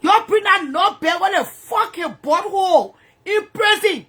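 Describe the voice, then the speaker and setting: A woman's voice: extremely high pitch, lively intonation, normal speed, bright, forceful tone. A woman ranting angrily in profane, repetitive bursts from her bedroom. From Liberia. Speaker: social media personality.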